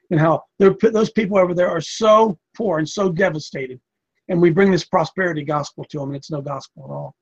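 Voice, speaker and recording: A man's voice: high voice, breathy edge, dull audio. A man in his sixties preaching a sermon in a folksy, repetitive, emphatic way. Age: 60s.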